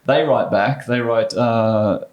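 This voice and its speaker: A man in his fifties with an Australian accent, a former basketball player telling stories as a guest, animated and quick to restart. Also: mid-range voice. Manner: animated anecdotes, frequent restarts and laughs. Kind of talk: casual storytelling.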